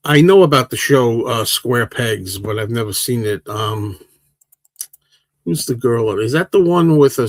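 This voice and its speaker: Recorded without echo, a mid-range male voice comes from a livestream host in his sixties. He's relaxed and rambling as he answers the chat's questions individually.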